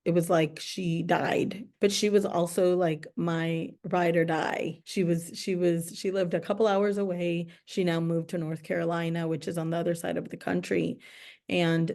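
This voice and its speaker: A woman's voice: on the low side, level tone, moderate pace, darkish tone. A young adult woman hosting a podcast, speaking earnestly in casual conversation and repeating herself for emphasis. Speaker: podcast host.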